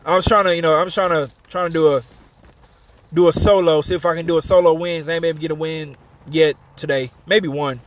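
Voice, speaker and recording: Streaming a game live, a man chats casually with viewers, thanking them and retelling a story between plays. His voice is on the high side, steady in tone, and fast.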